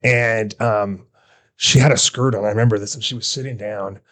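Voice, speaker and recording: A man's voice: fairly low pitch, fairly even intonation, normal speed, fairly bright tone. A man, a former police officer, co-hosting a podcast and telling a story in casual chat, acting out his own startled reactions.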